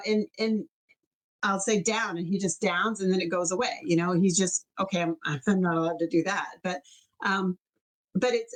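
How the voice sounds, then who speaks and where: This woman co-hosts a casual podcast and reflects out loud in a relaxed way. She often circles back and restarts as she searches for words, in an even, middle-pitched voice. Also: low-quality recording. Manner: thoughtful, searching for words, lots of fillers and restarts. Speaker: podcast co-host. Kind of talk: casual chat.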